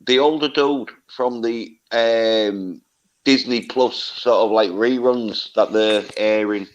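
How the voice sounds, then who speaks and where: A man's voice: fairly low pitch, slow pace, lo-fi sound. A man co-hosting a casual livestream chat, rambling and hesitant, full of fillers.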